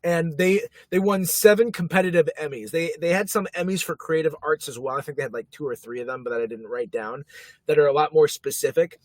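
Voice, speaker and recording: A man's voice: on the high side, a little fast, no echo. Chatty man co-hosting a podcast. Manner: chatty, laughs often, many fillers. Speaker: podcast co-host. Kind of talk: casual chat.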